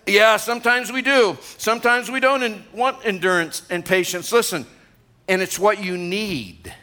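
A man's voice: sits high, expressive, unhurried, bright, forceful tone. A man in his sixties, a pastor, preaching a sermon to a congregation in a conversational way, with asides to the room. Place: church gathering.

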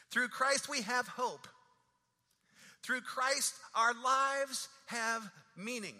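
A pastor preaches a sermon, building dramatic, rhythmic refrains that swell and fall. His voice is very high-pitched with a sharp tone, and the long reverb of a large hall surrounds it.

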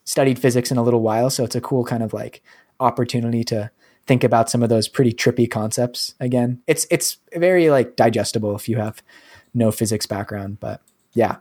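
A man's voice: mid-range voice, a little fast, a little mellow. A man hosting a podcast in casual chat, rambling with many fillers. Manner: rambling, heavy use of 'like' and 'um'. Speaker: podcast host.

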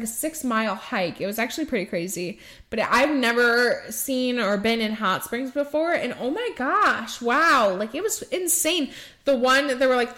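Young woman, podcast host, casual chat, bubbly, laughs often, slightly high voice. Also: fairly bright tone. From Michigan, USA.

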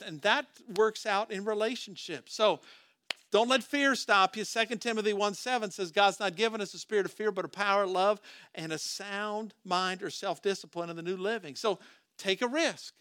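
A man's voice: high-pitched, normal speed, sharp tone, dry recording, studio quality. A man preaching a sermon as pastor, talking to the congregation in a conversational way, with rhetorical questions and frequent restarts.

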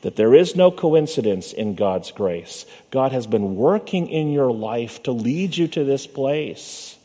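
Male pastor, sermon, mellow warm tone, slows and drops low for emphasis, church sanctuary, long hall reverb. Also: animated. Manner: measured preaching cadence, slowing and dropping low on key words.

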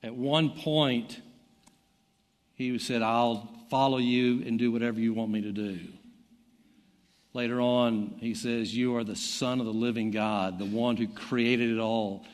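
A man's voice: mid-range voice, a little slow. A middle-aged man with a Southern American accent preaching a sermon, reading scripture aloud with his voice lifting for the quoted lines. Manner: animated Bible reading, voice rising for quoted lines. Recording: long hall reverb.

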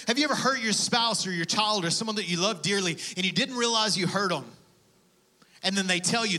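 A male pastor delivers a sermon in a high, bright voice. He preaches in an animated, conversational way, laughing between points and acting out prayers and everyday speech. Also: a little fast.

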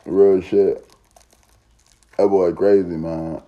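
Man, low voice, very dark tone, rambling, profane casual monologue. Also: normal speed, lo-fi sound. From Southern United States.

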